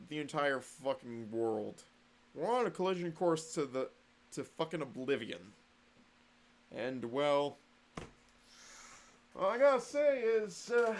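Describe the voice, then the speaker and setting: A man's voice: mid-range voice, a little hiss or hum. A man vlogging in a casual, rambling monologue, sardonic and full of swearing.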